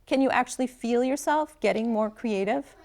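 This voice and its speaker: A woman reading the part of a deadpan young kitchen worker in a novel excerpt, keeping his lines dry and understated. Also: fairly high pitch, normal speed, lightly acted.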